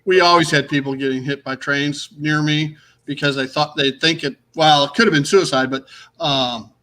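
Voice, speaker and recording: A middle-aged man joining a casual chat, quick to jump in with his own stories. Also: fairly high pitch, steady tone, sharp tone. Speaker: guest on the stream.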